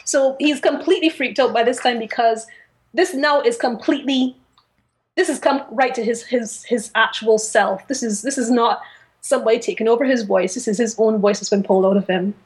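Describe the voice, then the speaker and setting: A woman's voice: fairly high pitch, fairly quick. A woman co-hosting a podcast, retelling a story in casual talk with many fillers and restarts. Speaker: podcast co-host. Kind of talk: casual book discussion.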